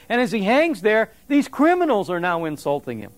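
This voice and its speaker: Guy preaching, high voice, chatty and animated, dry close sound. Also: brisk, few pauses, no room sound. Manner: conversational, animated preaching with asides to the congregation. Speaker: pastor. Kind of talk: sermon.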